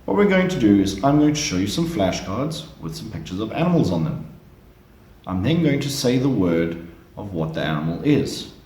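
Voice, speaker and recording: A man teaching young children animal words from flashcards, with slow and encouraging repeat-after-me prompts. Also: fairly low pitch, big pitch swings, darkish tone. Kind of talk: slow flashcard lesson for kids. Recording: roomy echo.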